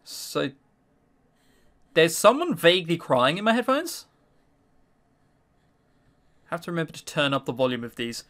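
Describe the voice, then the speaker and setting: A man hosting a let's-play, reading a visual novel aloud and reacting in an excitable, chatty way. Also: on the high side, unhurried, pauses often. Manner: excitable, chatty, swears in surprise.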